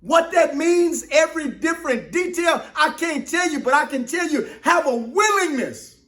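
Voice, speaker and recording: A man preaching a motivational sermon, emphatic and repetitive, swinging from shouts to hushed asides. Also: very high-pitched, expressive, normal speed, echoey room. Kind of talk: sermon-style motivational talk.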